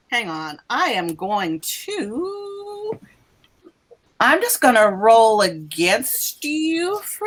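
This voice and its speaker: A woman's voice: a little high, fairly bright tone. A woman running a tabletop game as game master. She narrates casually, laughs often and swears freely.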